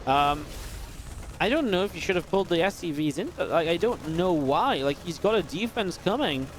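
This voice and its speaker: A man giving live play-by-play commentary on a strategy game match, quick and excitable, with restarts and filler words. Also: a little high, slight background noise. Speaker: esports caster.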